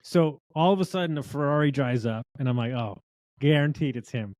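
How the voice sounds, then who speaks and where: A man telling lively restaurant stories in a casual chat, acting out what other people said. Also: medium pitch, a little fast, no echo. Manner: animated storyteller, acts out quotes of others.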